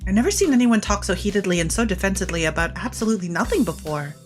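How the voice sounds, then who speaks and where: A woman's voice: medium pitch, expressive, very fast, faint music behind. A young adult woman streaming a game in casual chat, giggling often, swearing freely and joking at her own expense. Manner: giggly, swears a lot, self-deprecating.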